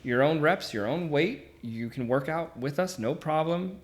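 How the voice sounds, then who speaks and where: A man's voice: fairly high pitch, expressive, measured pace. A man hosting a podcast, talking in an encouraging, reflective way during casual conversation. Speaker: podcast host.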